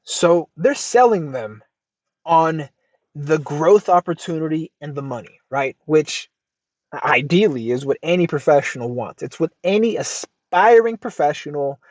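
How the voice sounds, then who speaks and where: An American man hosting a casual advice podcast, reacting to a post in an emphatic, lively way and swearing freely. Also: a little high, unhurried, dry recording. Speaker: podcast host. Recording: dull lo-fi dry sound.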